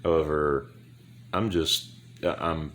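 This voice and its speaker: Very deep, drowsy male gamer. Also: fairly even intonation, a bit bright, a little hiss or hum. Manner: slow, trailing off, mumbling to himself. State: very sleepy, yawning. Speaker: gaming YouTuber. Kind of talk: casual gameplay commentary.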